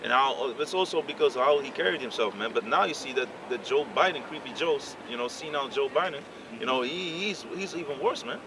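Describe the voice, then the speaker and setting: A man in a casual group discussion who speaks haltingly with many fillers and builds into heated rhetorical questions. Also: medium pitch, animated. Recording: distant mic, clear outdoor noise.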